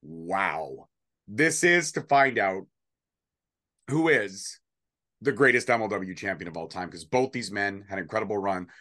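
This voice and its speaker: A man's voice: fairly low pitch, expressive, unhurried, bright, forceful tone. A man co-hosting a casual wrestling prediction show, joking and rambling with sarcastic asides. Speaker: podcast co-host.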